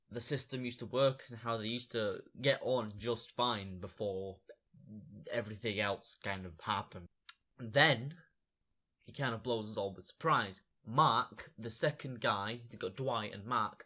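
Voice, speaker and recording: Young guy rambling about a comic issue, super excitable, bright voice. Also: medium pitch. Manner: excitable, chatty, fan enthusiasm. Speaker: comic book reviewer. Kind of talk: casual video review.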